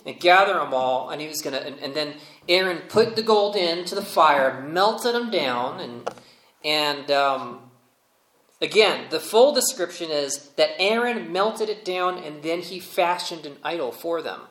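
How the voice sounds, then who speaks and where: Conversational preacher in a roomy sanctuary. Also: male voice, fairly high pitch, lively intonation, unhurried, a bit bright, a little hiss or hum. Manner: conversational, humorous storytelling. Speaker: pastor. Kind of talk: sermon.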